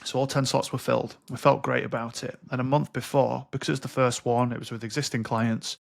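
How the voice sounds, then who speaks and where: A man's voice: mid-range voice, level tone, a little fast, vocal fry. A man in his thirties, a podcast guest speaking candidly and bluntly with frequent swearing. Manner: blunt and sweary, acts out quoted dialogue. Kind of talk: candid interview conversation.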